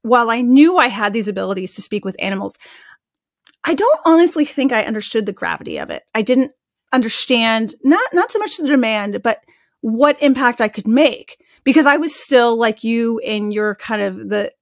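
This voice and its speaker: A woman with a somewhat high voice tells stories in a lively, conversational way as a podcast guest. She talks in an animated, chatty manner and scatters "like" through her sentences. Her voice sounds dry and close, with no room echo. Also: normal speed. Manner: chatty and animated, with frequent "like" fillers. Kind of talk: casual storytelling in an interview.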